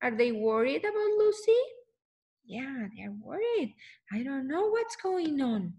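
A woman's voice: high voice, very animated, measured pace, warm tone, muffled recording. A woman reading a picture book aloud to children, exclaiming often and stopping to ask the listener questions.

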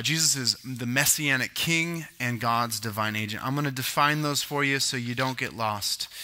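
Bright-voiced pastor preaching casually. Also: male voice, mid-range voice. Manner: conversational teaching with asides and self-corrections. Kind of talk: sermon.

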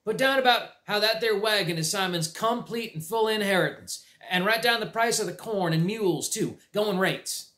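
A man's voice: high-pitched, normal speed, hardly any pauses, fairly bright tone, voice pushed up. A man voicing a mean, snickering teenage farm boy with a country drawl. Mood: mocking. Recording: roomy echo.

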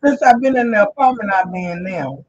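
A man's voice: high voice, animated, brisk. A man on a morning radio show, speaking in a mild, wry, self-deprecating way. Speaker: radio co-host. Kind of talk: casual morning radio banter. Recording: slightly muffled studio mic.

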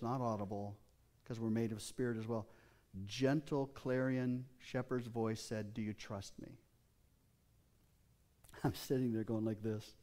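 A man's voice: mid-range voice, dark tone. An older man preaching a sermon as pastor, telling personal stories earnestly with frequent restarts.

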